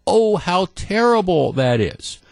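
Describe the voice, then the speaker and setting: A man's voice: sits high, sing-song, slow, vocal fry, no room sound, studio quality, voice pushed up, full character voice. A man mimicking an outraged, overprotective mother in a mocking, exaggerated way. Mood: indignant.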